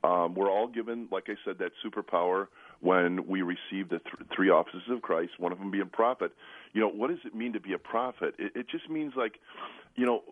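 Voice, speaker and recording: A priest with a very deep, hoarse, gravelly voice from the flu, speaking earnestly and piecing thoughts together with restarts. He comes through a dry, tinny phone line. It sounds like a call-in to a radio talk show. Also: a little fast, no echo. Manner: earnest, many restarts and "you know". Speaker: priest, spiritual director.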